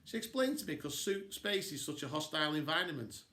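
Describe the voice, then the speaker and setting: A man reading a children's novel aloud with playful, expressive storytelling. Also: a little high, brisk. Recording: echoey room.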